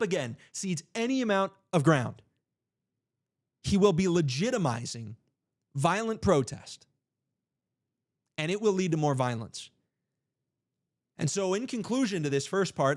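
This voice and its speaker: A young man hosting a political livestream, speaking emphatically with rhetorical questions and playful asides. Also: a little high. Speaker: livestream host.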